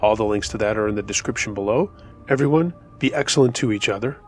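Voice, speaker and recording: A man hosting a storytelling channel, reading true scary stories in a steady, low-key scripted narration. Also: quick pace, soft background music.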